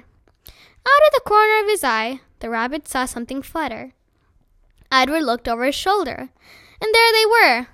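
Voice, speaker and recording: A woman gently reading a children's novel aloud as narrator. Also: high-pitched, no echo, studio quality. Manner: gentle storytelling.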